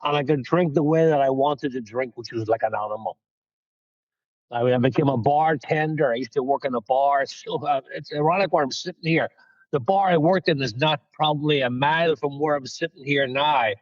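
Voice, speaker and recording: Speaking at a moderate pace in a mid-range voice, this Northern Irish man is recorded with no room sound and the highs cut off. He's a guest speaker in his parked car, candidly recounting his recovery and poking fun at himself.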